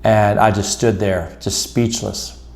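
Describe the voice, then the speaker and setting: A middle-aged man with a lowish voice tells a personal story straight to camera. He speaks earnestly and reflectively, slowing down with deliberate pauses. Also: steady tone, creaky. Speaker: motivational speaker.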